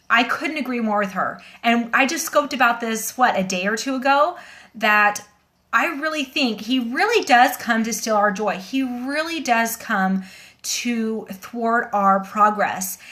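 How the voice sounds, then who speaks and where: Brief: woman, slightly high voice, shaken livestream host, rambling and earnest, phone mic. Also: bright, forceful tone. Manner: earnest, rambling, with many fillers and restarts. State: shaken and emotional. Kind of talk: casual livestream talk to viewers.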